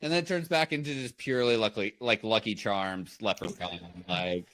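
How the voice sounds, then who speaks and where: A man's voice: lowish voice, normal speed, fairly bright tone, no room sound. Rambling Midwestern man hosting a podcast. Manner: rambling, filler-heavy. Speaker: podcast host. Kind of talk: casual chat.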